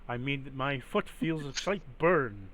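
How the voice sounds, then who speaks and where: A man's voice: mid-range voice, expressive, unhurried, fairly bright tone. A man voicing a sheepish, tipsy young son who answers evasively and whines. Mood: whiny.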